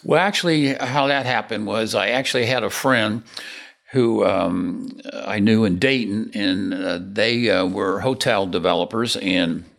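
A man's voice: on the low side, measured pace, creaky, fairly bright tone. An older man, a developer and podcast guest, telling rambling stories of his career and acting out old conversations. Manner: rambling anecdotes, acts out dialogue. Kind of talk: casual storytelling interview.

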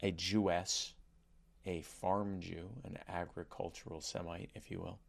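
Man doing a pompous, deep-voiced parody of his co-host, spoken slowly. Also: little pitch movement, gravelly. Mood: mock-pompous. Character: self-important adult man, a mock version of the co-host.

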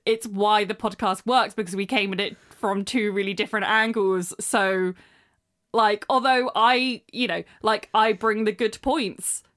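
A woman's voice: mid-range voice, fairly even intonation, a little slow, fairly bright tone. A woman, co-hosting a podcast in a rambling, casual chat full of fillers. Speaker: podcast co-host.

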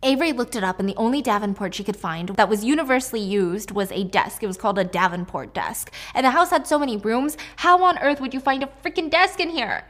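Talking fast and animated with hardly a pause, a young book recap creator chats her way through a novel's plot, dropping fillers and slangy asides along the way. Her voice sits on the high side and sounds a bit bright.

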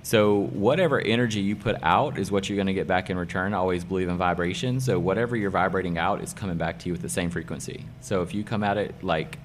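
A man's voice: deep voice, fast talker, few pauses, slight background noise. A middle-aged man, a hairdresser and salon owner being interviewed, who talks with enthusiasm and hammers points home by repeating them. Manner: enthusiastic, emphatic, repeats key phrases. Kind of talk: casual interview talk.

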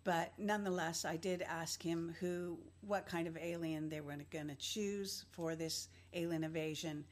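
This is a woman with a low voice talking slowly in a halting, rambling monologue. She fills her pauses with ums and uhs. The sound comes from a played clip. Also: steady tone. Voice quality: halting, slow, many fillers. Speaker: video presenter.

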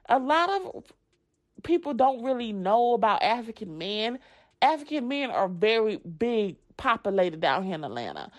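A woman, telling a story to her viewers in a blunt, profane, animated way. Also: fairly high pitch. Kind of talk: casual storytime vlog.

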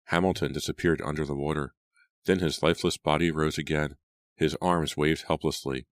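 Very deep-voiced male audiobook narrator. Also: steady tone, moderate pace, no room sound. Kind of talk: scripted horror narration.

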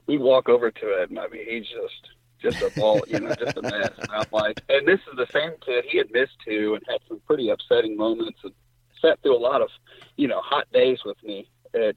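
A middle-aged man from Indiana tells a hunting story in animated, rambling talk, his voice leaping high whenever he quotes someone. His tone is a little husky. He comes through dry and tinny, as if on a phone line. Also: fairly quick, dry recording. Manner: animated storyteller, voice jumps high when quoting others. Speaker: guest hunter. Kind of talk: casual storytelling.

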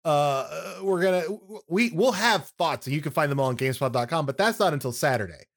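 A young man chats on a casual podcast, his voice sitting a touch high. He trades teasing jokes with his co-host. His banter comes quick and playful. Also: expressive.

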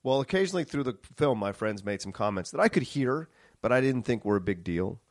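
A man's voice: medium pitch, fairly quick, dry recording. A man on a podcast tells a story with lots of energy and a good deal of swearing. His voice sits mid-range and sounds close and dry, with no room around it. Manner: animated storyteller, swears freely, acts out quotes loudly. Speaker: podcast host.

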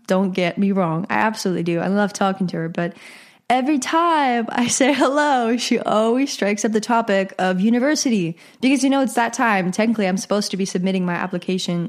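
Chatty teenage girl podcasting solo. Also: medium pitch. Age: teens. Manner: chatty and rambling, with asides and self-corrections. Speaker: podcast host. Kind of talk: casual solo podcast chat.

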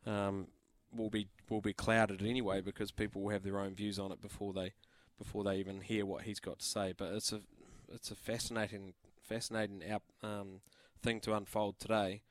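A man's voice: lowish voice, little pitch movement, normal speed, few pauses, no room sound. A man with a New Zealand accent co-hosting breakfast radio, talking things through thoughtfully. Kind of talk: casual radio chat. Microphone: studio mic.

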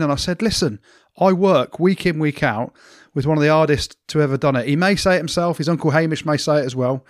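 Male podcast cohost, higher pitch, dry close sound, self-mocking storyteller, casual banter. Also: quick pace, dry recording. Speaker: podcast co-host.

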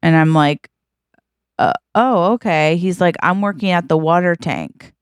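A woman's voice: lowish voice, measured pace, smooth, no room sound, studio quality. A woman co-hosting a podcast, telling an improvised comic story and acting out the characters' lines. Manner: acts out characters' quoted lines. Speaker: podcast co-host.

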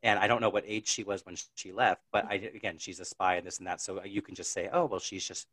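Podcast co-host, male, low voice, rapid rambling delivery, laughs a lot, dry booth sound. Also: steady tone, a bit bright, dry recording. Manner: rambling, chatty, laughs often. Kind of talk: casual chat.

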